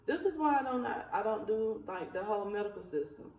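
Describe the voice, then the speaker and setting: A woman, telling a personal faith testimony in a casual, animated, conversational way. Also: medium pitch, a little fast. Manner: animated, conversational, uses dialect. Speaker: spiritual vlogger. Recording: echoey room, faint ambient noise.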